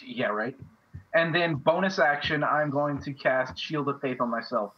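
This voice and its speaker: A man playing a tabletop role-playing game, calmly stating his moves. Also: fairly high pitch, unhurried, slightly rough. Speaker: player. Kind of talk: casual tabletop play. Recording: dull lo-fi mic with faint noise.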